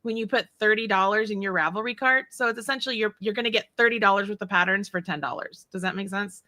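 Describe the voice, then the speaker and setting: A woman hosting a casual chat show, chatty and quick to laugh. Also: medium pitch, bright, forceful tone, no echo, studio quality. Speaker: podcast host.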